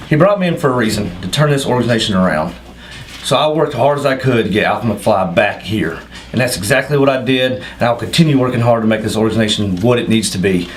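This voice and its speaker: A man's voice: fairly low pitch, animated, fast, a little hiss or hum. A man playing a league commissioner on a wrestling recap, speaking in a hesitant, self-conscious way. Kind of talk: wrestling show segment.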